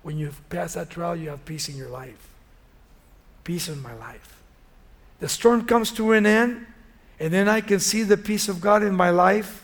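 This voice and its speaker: Male preacher, high and gravelly voice, lively chatty sermon delivery. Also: measured pace. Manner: animated, conversational retelling of a Bible story.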